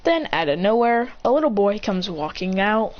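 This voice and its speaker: A woman with a mid-range, sing-song voice tells an improvised story at normal speed, rambling with many fillers and restarts. The recording is dull and lo-fi with faint noise.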